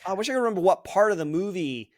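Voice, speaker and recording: A man co-hosting a podcast, guessing movie quotes and recounting scenes with quick laughs. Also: high voice, animated, dry recording, studio quality. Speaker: podcast co-host, quiz contestant. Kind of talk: casual chat.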